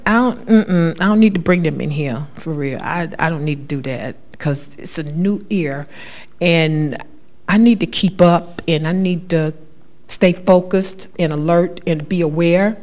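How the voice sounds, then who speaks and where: A woman's voice: lowish voice, a little slow, darkish tone. Emphatic woman giving church testimony. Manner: emphatic, repetitive, conversational.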